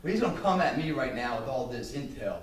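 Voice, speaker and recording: A medium-pitched, fast-talking man speaks animatedly over loud music. The motivational speaker addresses business students intensely and emphatically, swearing freely, heard through a distant mic in an echoey hall with faint ambience.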